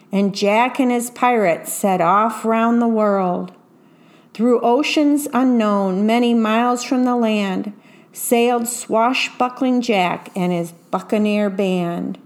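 Slow, gentle woman reading a storybook. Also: a little high. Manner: gentle, unhurried, pointing out pictures. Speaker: storyteller reading a picture book aloud. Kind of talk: read-aloud storytelling with picture commentary.

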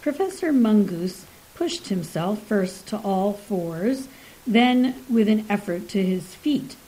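A woman narrating a story aloud at a slow, measured pace. Her reading is even and steady, with a mid-range voice. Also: medium pitch, low-quality recording.

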